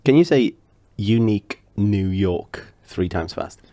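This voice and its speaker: A man's voice: lowish voice, animated, slow pace, mellow, no room sound. A young man co-hosting a podcast, teasing his co-host with playful banter. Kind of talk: casual chat.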